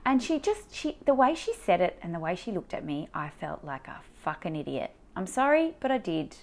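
Australian woman with a gravelly low voice. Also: normal speed. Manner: emotional, animated retelling with many fillers. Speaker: mother sharing a personal story. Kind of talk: candid personal storytelling.

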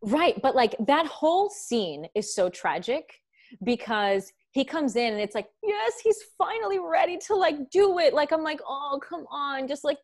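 A woman's voice: high voice, sing-song, moderate pace. A young woman hosting a podcast, chatting casually and animatedly, swearing often and acting out quotes. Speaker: podcast host. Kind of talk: casual chat.

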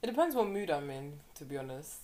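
A young woman chatting casually, playful and quick to laugh. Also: low-pitched. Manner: expressive, laughing, playful asides. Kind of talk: casual chat.

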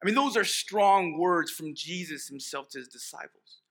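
A man's voice: on the high side, normal speed, gravelly, pushed and bright. A man preaching a sermon as pastor, conversational and emphatic, joking with the congregation and restarting phrases.

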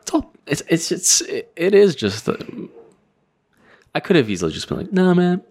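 A man's voice: fairly high pitch, huge pitch swings, moderate pace, darkish tone. A young man co-hosting a podcast, laid-back and agreeable, often saying "man" and "dude". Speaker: podcast co-host. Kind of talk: casual chat.

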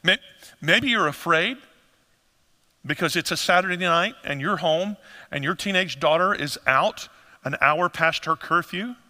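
Male pastor, lively sermon delivery, high bright voice, long reverb of a church hall. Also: a little slow. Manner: animated, acts out voices of people in the story.

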